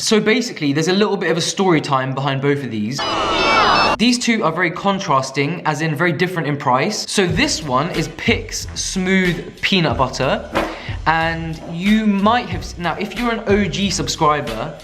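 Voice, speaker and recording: A man's voice: a little high, animated, moderate pace, music in the background. A young man from the UK chatting enthusiastically to camera about his food, casual and self-mocking. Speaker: vegan food vlogger.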